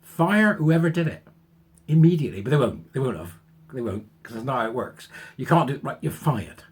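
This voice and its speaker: A man's voice: medium pitch, brisk, breathy edge. A man hosting his channel, giving a sarcastic, incredulous running commentary on a news story. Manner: animated, sarcastic, incredulous asides. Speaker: channel host.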